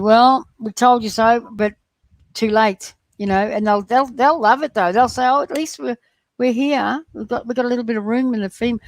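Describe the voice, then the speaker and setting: A middle-aged woman hosting a live stream, talking in a rambling, excitable way and chatting to viewers as she reads their comments. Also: medium pitch, no echo. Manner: rambling, excitable, talks straight to her viewers. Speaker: livestream host reading viewer chat. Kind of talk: casual live-stream chat.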